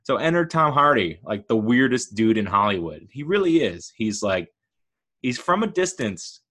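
A young man hosting a solo podcast, talking in an excitable, rambling way with lots of fillers and restarts. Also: medium pitch, normal speed. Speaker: podcast host.

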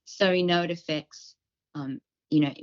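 A woman co-hosting a health podcast, explaining symptoms from her clinical work in a relaxed chat and acting out what patients say. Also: on the low side, moderate pace, lo-fi sound. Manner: explanatory, acts out patients' quotes. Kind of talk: casual chat.

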